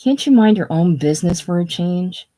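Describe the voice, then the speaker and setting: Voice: mid-range voice, animated, normal speed, dark tone, natural voice. A reader doing a touchy, prideful man. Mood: defensive. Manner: defensive, snappish. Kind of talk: casual solo play reading.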